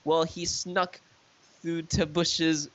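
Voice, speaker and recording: Young guy reading dumb fanfic out loud, slow, kinda high voice, trips over typos. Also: little pitch movement, highs cut off, slight background noise. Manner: laughs through reading, stumbles over misspelled words. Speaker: reader of a fanfiction. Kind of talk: comedic dramatic reading.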